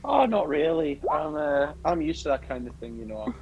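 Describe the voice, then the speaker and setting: Bloke doing a posh voice pretending to be hard, swoopy, bit muffled. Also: male voice, a little high, sing-song, brisk, a little hiss or hum. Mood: boastful. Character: posh young man claiming to be tough.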